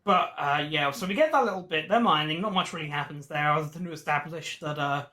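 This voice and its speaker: A man's voice: a little high, a little fast, bright, forceful tone. A British man co-hosting a podcast, chatting casually and irreverently, joking and swearing freely. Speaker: podcast co-host. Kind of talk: casual comedic chat.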